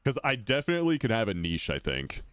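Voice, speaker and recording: A man with a deep voice chatting casually and rambling while he streams a game. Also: very animated, fast talker, fairly bright tone, clean tone, no room sound. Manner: rambling, self-correcting, laid-back. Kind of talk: casual chat while gaming.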